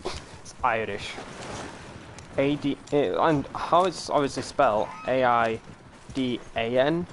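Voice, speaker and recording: A man's voice: medium pitch, a little slow, slight background noise. A young man from the United Kingdom, chatting casually and rambling to his viewers while streaming a game. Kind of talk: casual live-stream chat.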